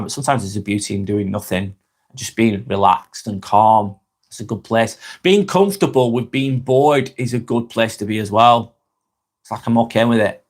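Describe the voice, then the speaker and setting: A man with a Northern English accent from Lancashire, hosting a relaxed live stream where he reads viewers' comments aloud and chats back, often stumbling over his words and letting his phrases fade out quietly. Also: mid-range voice, moderate pace. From Northwest England.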